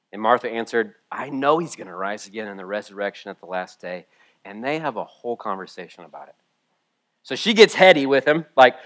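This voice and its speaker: Male pastor, tearful sermon, swings between soft reading and loud pleading. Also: mid-range voice, very animated, moderate pace. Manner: emotional, swings from hushed to loud. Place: church room with a congregation.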